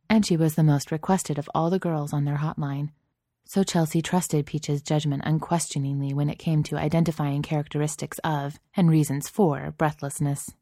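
A woman narrates a story in a low, mellow voice with a dry, even delivery. The recording is close and free of room echo. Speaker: audiobook narrator. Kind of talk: scripted narration.

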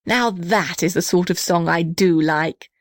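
A woman voicing a cheerful young male cottage who talks in excited exclamations. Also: fairly low pitch, unhurried, dry recording, studio quality. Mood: happy.

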